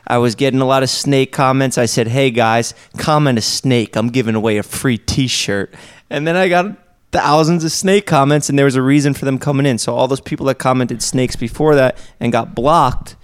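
Smooth-voiced laid-back young man. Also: medium pitch, normal speed. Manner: laid-back, swears freely, storytelling. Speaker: podcast co-host. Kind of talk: casual chat.

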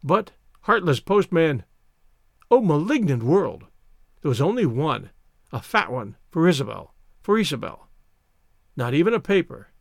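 A man reading a literary story aloud with expressive storytelling. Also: on the high side, measured pace, vocal fry, long pauses, no room sound, studio quality. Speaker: reader. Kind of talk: scripted narration.

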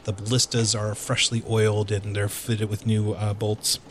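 A man's voice: on the low side, little pitch movement, a little hiss or hum. A man narrating as game master of a tabletop game, often restarting and filling with ums. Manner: halting, restarts with fillers.

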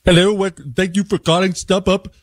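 A man's voice: high voice, level tone, moderate pace, dry recording, clean studio sound, pitched above the performer's own voice. A man voicing a flustered male call-center worker who stumbles and repeats himself.

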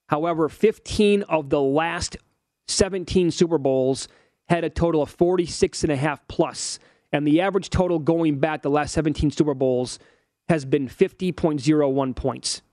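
A man in his forties with a slightly high, somewhat mellow voice and no room sound co-hosts a sports betting show. He casually works through odds and stats, rattling them off analytically.

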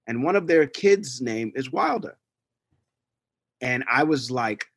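A man co-hosting a podcast, telling animated stories and acting out the quotes in casual chat. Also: medium pitch, slow, no room sound, studio quality. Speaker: podcast co-host.

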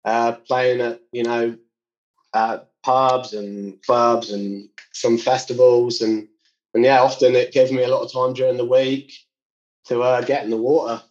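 A man from England with a Cornish accent, a musician guest chatting in a relaxed way and laughing often. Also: medium pitch, unhurried, lo-fi sound. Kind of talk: casual interview chat.

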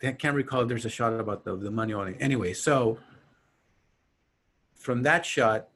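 A man's voice: medium pitch, normal speed, a bit bright, husky. A man casually retelling a horror movie scene by scene, acting out the characters' lines and laughing often. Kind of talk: casual movie recap chat.

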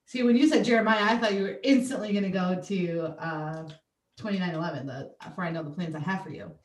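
A woman's voice: fairly low pitch, fast. A woman hosting a podcast, chatting casually and enthusiastically with a guest and laughing often. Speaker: podcast host. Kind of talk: casual interview chat. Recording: roomy echo, distant mic.

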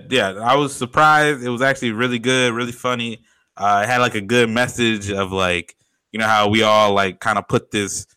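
A man's voice: fairly low pitch, bright, forceful tone, smooth, dry recording. A young man co-hosting a podcast, talking in an easygoing, slangy way and laughing often. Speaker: podcast co-host. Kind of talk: casual chat.

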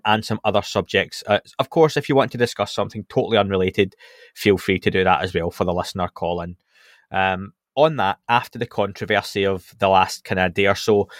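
Low-voiced podcast host. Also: male voice, dry recording, studio quality. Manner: chatty, runs through announcements with filler ums. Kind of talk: casual podcast news chat.

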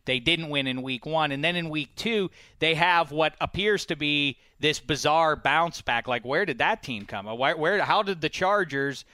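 A man hosting a sports talk show in a bright, clear voice, recorded close and dry. He argues with animated swings in pitch and presses his co-host with pointed questions. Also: normal speed, few pauses, no echo. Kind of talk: sports radio debate.

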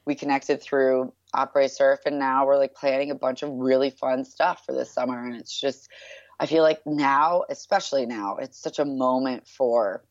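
A woman in her thirties from New York with a strikingly deep, low voice chats about her work as an interview guest. She is upbeat and loose, with lots of "like" and "um" fillers. The recording is dull and lo-fi, with a dry, close sound. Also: a little mellow, no echo. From New York, USA. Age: 30s. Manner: chatty and upbeat, with many "like" and "um" fillers. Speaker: guest, brand founder. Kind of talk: casual interview chat.

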